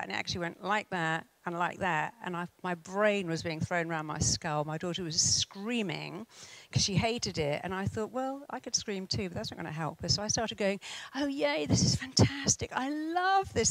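A woman's voice: on the low side, gravelly, dry recording, poor audio. A middle-aged British woman, a therapist, giving a motivational talk and acting out the people in her anecdotes. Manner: animated storytelling, acting out quoted voices. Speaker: therapist and speaker.

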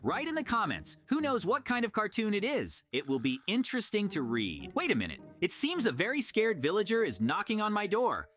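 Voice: medium pitch, wildly swooping pitch, fairly quick, hardly any pauses, a bit bright. A performer voicing a young cartoon hero who talks to viewers and exclaims dramatically. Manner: dramatic narration, exclaims often. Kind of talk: cartoon voice acting.

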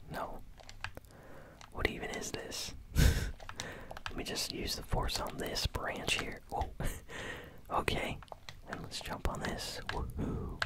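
An ASMR gaming host whispering casual, easily amused gameplay commentary while chewing bubblegum.

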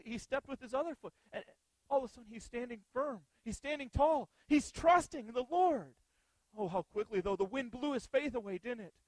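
A man's voice: high-pitched, dry recording, poor audio. A male pastor preaching an earnest sermon, often putting rhetorical questions to the congregation.

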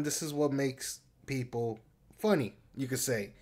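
A man co-hosting a podcast, telling stories and dad jokes in a casual, animated way, laughing often and swearing freely. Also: medium pitch, unhurried. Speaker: podcast co-host.

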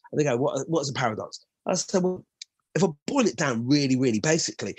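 A man who teaches martial arts, co-hosting a show and telling lively stories that he acts out in quoted voices. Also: medium pitch, breathy edge, dry recording. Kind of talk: animated podcast chat with acted-out anecdotes.

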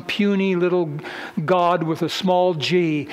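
High-voiced fervent preacher man. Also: measured pace, poor audio. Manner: fervent preaching, rising and falling in volume. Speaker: pastor. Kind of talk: sermon.

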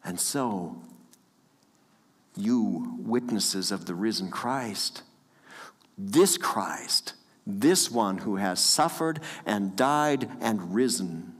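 Male pastor, earnest sermon delivery, slow, long church reverb. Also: lowish voice, animated, slightly rough. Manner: earnest, with light chuckles and repeated phrases. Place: church sanctuary.

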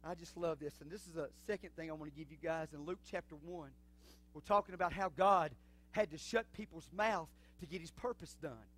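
A male pastor preaching a sermon in a church, swinging from low, quiet talk to fervent shouting. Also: fairly quick. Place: church sanctuary.

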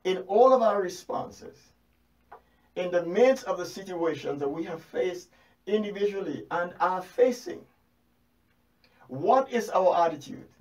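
A man with a high voice preaches a sermon, firing rhetorical questions at his listeners and repeating key phrases to drive them home. His delivery is animated. The mic sits some way off, so he sounds distant. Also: a little slow, long pauses.

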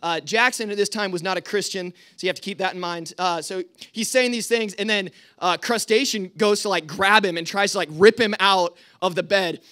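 A man's voice: high-pitched, fairly quick, few pauses, sharp tone. A young man leading a youth group, telling stories in a casual, rambling way with lots of fillers. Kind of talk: storytelling talk to a youth group.

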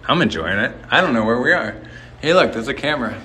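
A man's voice: medium pitch, expressive, quick pace, bright, forceful tone, a little hiss or hum. A man rambling and joking to his viewers as he walks through a large hotel on a live stream, filmed on a handheld phone. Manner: chatty, rambling, jokey, talking to viewers. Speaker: livestreamer exploring a hotel. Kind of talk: live-stream walking commentary.

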